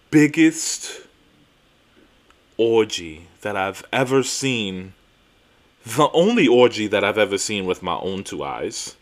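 A young man with a low voice tells a story on his podcast. He talks casually and with energy, swears freely, and drives his points home by repeating them. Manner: animated, profane, self-mocking, emphatic repetitions. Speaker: podcast host.

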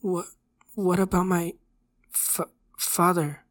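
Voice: mid-range voice, flat delivery, moderate pace, lightly acted. Narrator voicing a terrified dying young man. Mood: pleading. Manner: pleading, panicked, breaking into sobs. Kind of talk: horror story reading.

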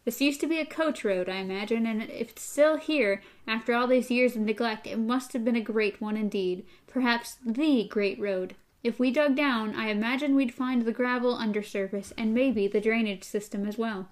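A terse, weathered gunslinger speaks in a measured, plain way, voiced by a woman reading aloud. The voice sits fairly high. It is a storybook reading. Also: natural voice. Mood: calm.

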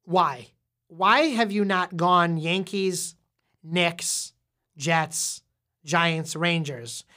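A woman with a somewhat low voice hosts a casual podcast chat. She explains topics patiently and asks quiz-like questions. She often stumbles and repeats words mid-sentence. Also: very slow, pushed and bright. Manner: frequent repeated restarts. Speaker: podcast host interviewing a young child.

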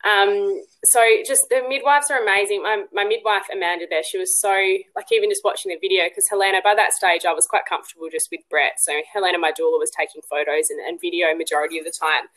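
A woman's voice: on the low side, steady tone, quick pace, few pauses, a bit bright, low-quality recording. A woman guest on a podcast, telling a personal story casually, with many ums and restarts. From Western Australia. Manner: chatty, full of ums and restarts; acts out quoted dialogue in a livelier voice.

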